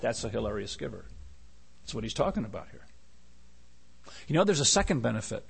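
A man's voice: mid-range voice, very animated, brisk, gravelly, long pauses, slightly rough. A man preaching a sermon as pastor. He is emphatic, repeats key phrases and asks rhetorical questions. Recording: long hall reverb.

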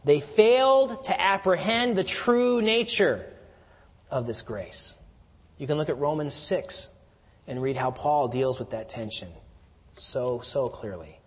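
A man with a somewhat high, husky voice preaches verse by verse, building to ringing emphatic declarations and then sinking low. His voice carries a long reverb, as if he is speaking in a large hall. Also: animated, slow pace. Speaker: pastor. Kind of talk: expository sermon.

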